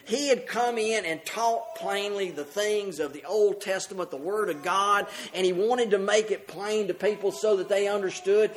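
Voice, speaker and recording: A man preaching a sermon, reading scripture aloud and explaining it to the congregation, rising on the readings and dropping soft at phrase ends. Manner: rises in pitch and volume on scripture, drops soft and slow at phrase ends.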